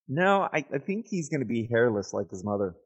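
A man's voice: medium pitch, slightly rough, dull audio. A man co-hosting a podcast, laid-back and slangy, chatting casually and calling people dude and bro. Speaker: podcast co-host. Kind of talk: casual chat.

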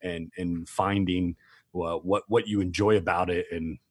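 A man's voice: sits low, steady tone, measured pace, husky, no room sound, clean studio sound. A middle-aged man co-hosting a casual chat, playful and teasing, with emphatic bursts. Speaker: podcast co-host.

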